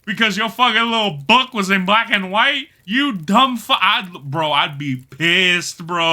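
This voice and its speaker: A man's voice: high-pitched, measured pace, hardly any pauses. A young man streaming a survival game, talking casually, swearing, laughing and reading chat aloud. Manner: animated, laughing, swears a lot, slangy. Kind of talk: casual gameplay commentary.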